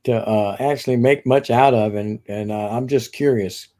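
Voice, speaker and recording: A man's voice: medium pitch, moderate pace, dark tone. Guy joining a live stream, blunt and casual, swears a bit, medium voice. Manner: blunt, casual, curses lightly.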